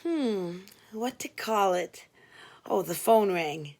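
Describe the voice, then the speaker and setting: A woman reading a novel aloud in an expressive way, doing voices for the characters. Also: medium pitch, slow. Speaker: audiobook reader.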